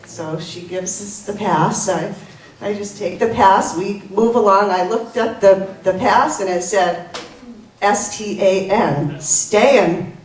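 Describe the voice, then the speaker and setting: Halting woman telling a memorial story. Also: medium pitch. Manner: halting, many fillers, laughs through stories. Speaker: memorial speaker. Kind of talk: informal eulogy with anecdotes. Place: coffee house gathering. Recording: roomy, distant, live audience.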